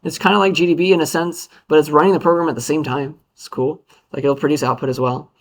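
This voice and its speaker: A man's voice: on the high side, steady tone, quick pace. Upbeat chatty male lecturer. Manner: upbeat, chatty, playful asides. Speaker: university lecturer. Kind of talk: casual classroom lecture.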